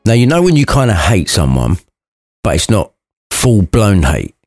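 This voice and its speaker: Sweary man with a lively voice. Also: lowish voice, moderate pace, no echo, studio quality, faint music behind. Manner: irreverent, sweary, chatty asides. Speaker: storyteller. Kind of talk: crude comedic retelling.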